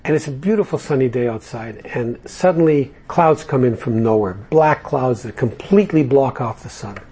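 Addressing a recovery group at a moderate pace, this man has a warm, medium-pitched voice. Jokey and conversational, he shares stories laced with fillers.

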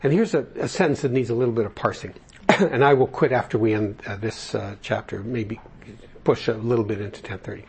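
A man's voice: mid-range voice, a little fast, vocal fry, slightly rough. An older man leading a group study, reading passages aloud and explaining them in plain words with asides. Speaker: recovery study group leader. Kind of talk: reading and commenting on a text.

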